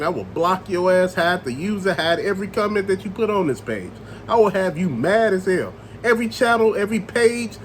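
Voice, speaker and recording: Animated high-pitched man ranting. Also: slight background noise. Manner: loose, animated rant with slang and cussing. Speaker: channel host. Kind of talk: ranting to camera.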